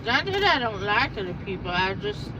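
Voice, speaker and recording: A woman's voice: mid-range voice, sing-song, brisk, muffled recording, over a noisy crowd. A woman riding along as a passenger, answering in short, dry, matter-of-fact remarks. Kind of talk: casual chat in a car. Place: inside a car on the road.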